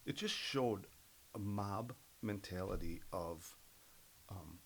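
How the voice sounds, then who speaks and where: A middle-aged man, a podcast guest, telling stories in an earnest, animated way. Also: on the low side, takes it slowly, slight background noise, rough recording. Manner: earnest, animated storyteller who acts out other people's voices. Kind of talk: casual storytelling interview.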